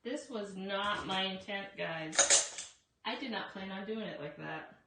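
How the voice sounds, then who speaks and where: A woman's voice: mid-range voice, a little slow, sharp tone. A woman hosting a casual live craft demo from her shop, chatting to viewers and calling them guys. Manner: chatty, addresses viewers as guys, frequent asides. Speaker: craft shop owner and live-stream host. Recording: roomy echo, distant from mic, faint noise.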